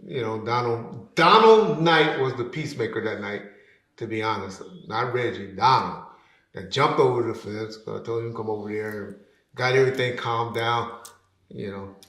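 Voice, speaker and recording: A man tells a story in casual talk, his voice sitting at a middle pitch. He animates the people he quotes with sudden loud, high jumps. The room around him rings with a noticeable echo. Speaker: podcast guest telling a story. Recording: roomy echo.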